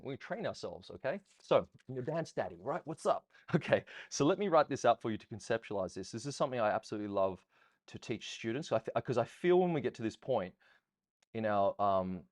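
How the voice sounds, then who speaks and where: A man teaching ballroom dance in a rambling, chatty Q&A style, often counting beats out loud. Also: mid-range voice, no echo. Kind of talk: casual teaching Q&A.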